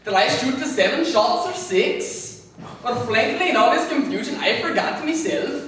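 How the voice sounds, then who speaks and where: A man doing a slow, menacing movie cop. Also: very high-pitched, expressive, fairly bright tone, a little hiss or hum. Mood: mock-menacing. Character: gruff tough-guy movie cop, grown man. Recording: echoey room from far off.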